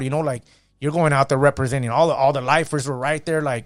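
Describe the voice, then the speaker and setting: A man's voice: medium pitch, fast, no room sound. A middle-aged man from California's San Gabriel Valley, a podcast guest telling his own story in casual talk, acting out the voices of people he quotes. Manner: animated storyteller, acts out quoted voices, fillers like "you know what I mean". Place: podcast studio.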